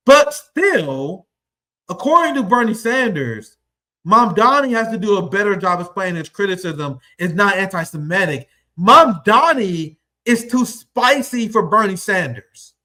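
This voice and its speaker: A young man with a strikingly high, bright voice delivers combative political commentary. His pitch leaps around as he mocks and swears. The tone is sharp and relentless. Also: lively intonation, a little slow. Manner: combative, profane, mocking.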